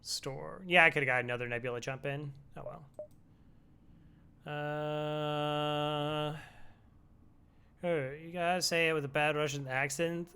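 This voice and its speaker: Young male streamer, slow laid-back delivery, slightly high voice, wry chat with viewers. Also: little pitch movement, pushed and bright, clean tone. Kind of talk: casual game commentary with chat.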